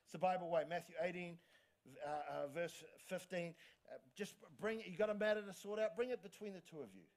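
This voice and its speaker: A pastor preaching a sermon energetically, often restarting words and calling for amens. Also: male voice, high voice, fairly quick. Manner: energetic, frequent restarts and stammers, calls for amens.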